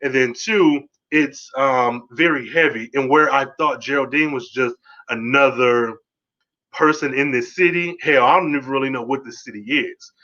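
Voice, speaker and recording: A man hosting a podcast, giving a casual, rambling solo review of a TV episode, excitable and swearing freely. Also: mid-range voice, normal speed, highs cut off.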